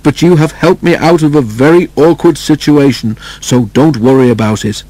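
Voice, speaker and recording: Man playing the Fat Controller, a genial husky boss. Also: a little high, moderate pace, dark tone, no echo, pitched above the performer's own voice, close to an everyday voice, low-quality recording. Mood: kindly. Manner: genial, reassuring. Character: kindly portly male railway boss.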